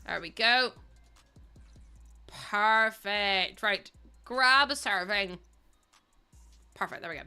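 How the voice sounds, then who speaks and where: A woman's voice: mid-range voice, expressive, moderate pace, pauses often, sharp tone, faint music behind. A young woman livestreaming a life-sim game, chatting casually to her viewers and the game characters and laughing often. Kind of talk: casual livestream chat while playing.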